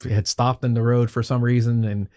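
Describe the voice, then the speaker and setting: A man telling a long, animated story as a podcast guest, swearing freely and acting out what people said. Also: mid-range voice, normal speed. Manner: animated, profanity-laced, acts out quoted dialogue. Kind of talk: casual storytelling.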